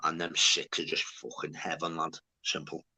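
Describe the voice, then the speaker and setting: A bright, forward-voiced man from the north of England rambles away in laddish chat, swearing freely. He talks like a livestream host chatting with his viewers and his co-host. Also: a bass voice, completely flat delivery, normal speed, husky. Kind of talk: casual chat.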